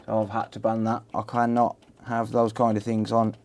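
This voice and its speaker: A man's voice: lowish voice, completely flat delivery, moderate pace, a little mellow. A man with a Black Country accent chatting casually to his live-stream viewers while repairing electronics, laughing often and addressing chatters by name. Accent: Black Country English. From England. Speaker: livestream host.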